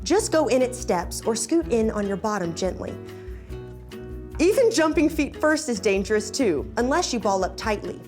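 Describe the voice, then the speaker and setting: A woman's voice: fairly high pitch, very animated, moderate pace, a little mellow, soft background music. A woman reading a long warning text message aloud in an earnest, insistent way.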